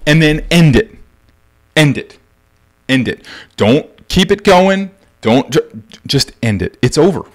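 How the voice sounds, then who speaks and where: A man's voice: fairly high pitch, very animated, slow, pauses often. A man coaching baseball dads, giving blunt, emphatic parenting advice and repeating key points. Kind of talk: direct-to-camera parenting advice.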